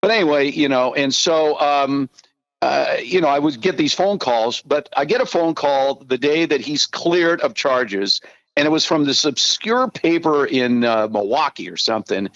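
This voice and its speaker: Brief: man in his 60s, guest storyteller, cursing freely, somewhat high voice, dry close sound. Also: moderate pace, dry recording, highs cut off. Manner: animated, profane anecdotes. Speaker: podcast guest, former team spokesman. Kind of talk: storytelling in casual talk.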